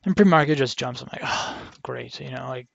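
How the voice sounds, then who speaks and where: A man's voice: medium pitch, fairly quick, creaky, fairly bright tone, no room sound, dull audio. A young man talking through his trades in a casual, rambling way, full of restarts and quoting his own thoughts. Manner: rambling, frequent restarts and self-quotes. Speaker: day trader vlogger. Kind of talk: casual screen-share commentary.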